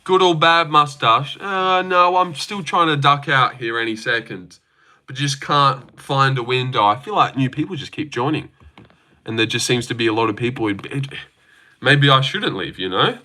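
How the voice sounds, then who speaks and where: A man's voice: mid-range voice, moderate pace, pushed and bright. A young man hosting a casual live stream from his phone, joking, swearing now and then and answering chat comments.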